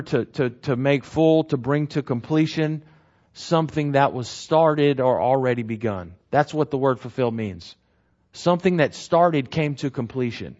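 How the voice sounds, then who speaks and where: On a dull, lo-fi recording, a man goes through the Bible one verse at a time in a conversational manner. His voice is medium in pitch with a darkish tone, and he often repeats key phrases and checks in with "right?"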